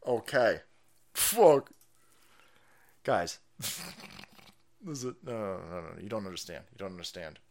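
A man's voice: lowish voice, animated, measured pace, pauses often, darkish tone. A man giving sarcastic, foul-mouthed live-stream commentary in a mocking, ranting manner.

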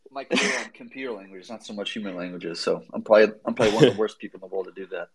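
A husky American man talking casually as a guest on a live audio chat. His voice sits fairly low, and he rambles with a lot of "like," laughing at his own jokes and poking fun at himself. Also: racing, low-quality recording. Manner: rambling, laughing, self-deprecating.

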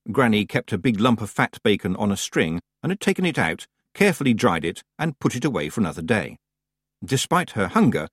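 Husky male audiobook narrator. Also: on the low side, no echo, clean studio sound. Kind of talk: scripted narration.

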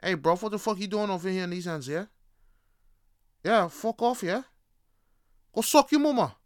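A man's voice: sits high, expressive, moderate pace, smooth, no echo, studio quality, voice pushed up. A man voicing a swaggering young male street tough who taunts someone aggressively. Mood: taunting.

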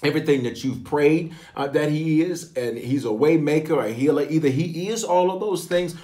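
Lively pastor hosting a livestream. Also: male voice, a little high, normal speed. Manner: lively, call-and-response greetings to viewers. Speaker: pastor leading online prayer.

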